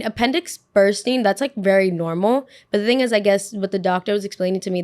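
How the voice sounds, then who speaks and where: A young woman hosting a podcast, telling a story casually, swearing freely, animated and exasperated. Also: mid-range voice. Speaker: podcast host.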